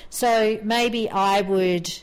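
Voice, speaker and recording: A woman's voice: medium pitch, steady tone, extremely slow, smooth. A woman in her forties with an Australian accent, co-hosting a podcast and telling a story in a rambling, chatty way with frequent laughs. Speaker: podcast co-host. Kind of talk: casual storytelling chat.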